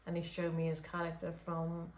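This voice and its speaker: A woman channelling spirits late at night talks softly and unscripted, hesitating with many fillers and restarts. Her voice is on the low side and monotone, a little fast, with a roomy sound.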